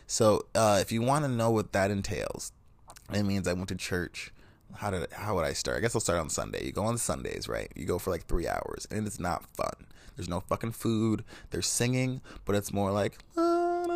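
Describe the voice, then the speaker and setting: Man, podcast host, profane sarcastic rambling monologue, dry close recording, low voice. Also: gravelly, no echo. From United States. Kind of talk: casual comedic monologue.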